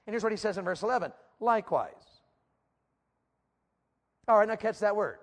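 A man's voice: sits high, lively intonation, normal speed. A man preaching a sermon to teenagers, asking emphatic, repeated rhetorical questions. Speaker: youth preacher. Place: church platform before a youth audience.

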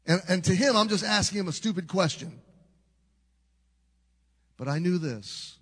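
An older man preaching a storytelling sermon, animated, swinging from loud to hushed, with a gravelly voice. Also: high voice, a little slow.

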